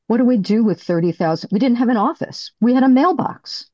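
A middle-aged woman giving a candid, halting personal recovery share as a speaker. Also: a little high, lively intonation, dark tone, no echo, highs cut off.

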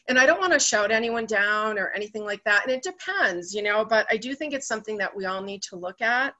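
A woman speaking earnestly at an online recovery meeting, conversational, with many fillers and pauses. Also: mid-range voice, sharp tone, dull audio. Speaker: member sharing at a recovery meeting. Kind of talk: personal share on a video call. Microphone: video call.

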